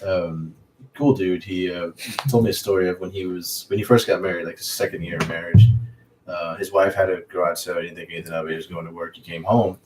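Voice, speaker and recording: A man's voice: deep voice, level tone, fast talker. A man co-hosting a podcast, telling a laid-back anecdote. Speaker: podcast co-host. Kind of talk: casual chat, anecdote. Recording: distant mic with faint background noise.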